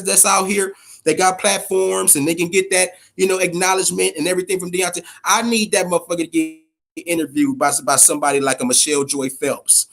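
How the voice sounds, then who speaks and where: This boxing podcast host is a man with a high-pitched voice and vocal fry. Chatting casually on a live stream, he talks to viewers in the chat directly, swearing freely, speaking emphatically and repeating words once he gets going.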